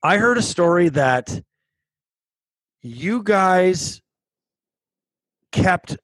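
A man's voice: high voice, expressive, drawn-out words, fairly bright tone, dry recording, poor audio. A man, a former hockey player, chatting casually, leaning on fillers and prompting stories from his guest. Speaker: podcast host, former pro hockey player. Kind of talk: casual chat.

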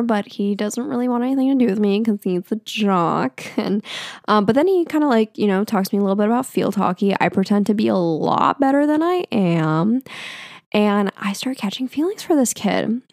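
A woman's voice: a little high, gravelly, darkish tone, dry recording, studio quality. A young adult woman telling personal stories in a casual, profane, self-mocking way, full of filler words. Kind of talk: casual storytelling monologue.

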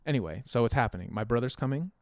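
A young man, a musician guest, chatting casually about his plans in a relaxed, rambling way with frequent laughs. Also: medium pitch, very fast, no room sound. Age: young adult. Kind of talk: casual conversation.

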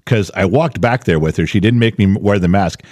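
A man co-hosting a podcast in casual chat, telling a story with animated delivery and putting on the voices of the people in it. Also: on the low side, fairly quick, no room sound, studio quality. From Central California. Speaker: podcast co-host.

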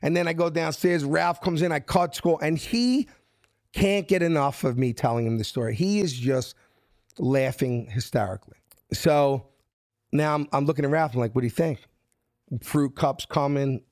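A man's voice: mid-range voice, gravelly, no echo, studio quality. A man, telling a story casually and acting out the dialogue in different voices. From South Philadelphia. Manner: animated, acts out quoted dialogue in voices. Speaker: guest.

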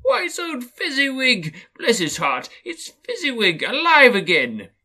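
A man reading a storybook aloud and voicing an old miser whose voice leaps up in pitch when he is roused. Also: lively intonation, slow pace, gravelly, sharp tone, slightly rough, full character voice. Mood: excited. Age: older. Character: old miser, gruff, easily stirred.

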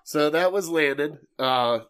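A man's voice: on the high side, unhurried, fairly bright tone. Laughing chatty male sports host. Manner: laughs often, acts out quotes. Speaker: podcast host. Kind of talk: casual sports talk chat.

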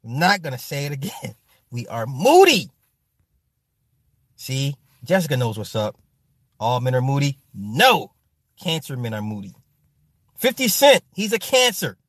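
Speaking a little slowly and leaving long pauses, this medium-pitched man runs a casual livestream from a home setup with a ring light. The recording is dry and studio-clean as he reads viewer comments, swears freely, laughs a lot and talks animatedly right to the chat.

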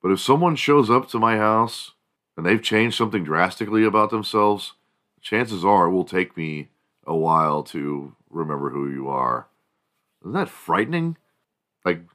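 A man's voice: low voice, fairly bright tone. A man in his forties hosting a show, talking in a loose, rambling and profane way as he tells stories. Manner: profane, rambling, laid-back storytelling. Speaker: podcast host. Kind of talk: casual rambling monologue.

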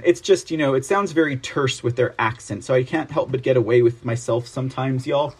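A man's voice: mid-range voice, a little fast, hardly any pauses, husky. A man hosting a news show, reading reports aloud and breaking in with emphatic, sarcastic asides. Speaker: host.

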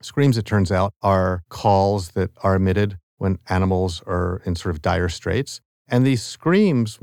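A middle-aged man, a professor of ecology and evolutionary biology, explaining his research in a measured, academic way in an interview clip. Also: fairly low pitch, darkish tone, clear, resonant tone, no echo, studio quality. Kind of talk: interview clip in a narrated podcast.

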